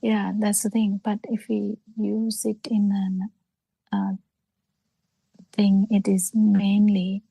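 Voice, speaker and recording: A woman giving a Buddhist teaching over a video call, halting, with many pauses and fillers, often falling into soft breathy half-whispers. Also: mid-range voice, flat delivery, dry recording, rough recording. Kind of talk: slow spoken dharma talk on a video call.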